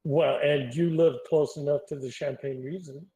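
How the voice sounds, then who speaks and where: A man's voice: a little high, steady tone, moderate pace, warm tone, breathy edge, low-quality recording. A man chatting casually over voice chat during a game stream, easygoing and coaxing. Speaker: friend on voice chat.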